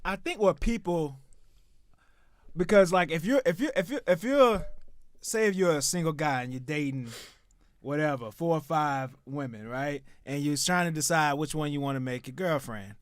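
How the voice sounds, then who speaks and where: A man's voice: on the high side, moderate pace, no echo, clean studio sound. A man hosting a podcast, chatting casually and joking, laughing between his points. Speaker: podcast host.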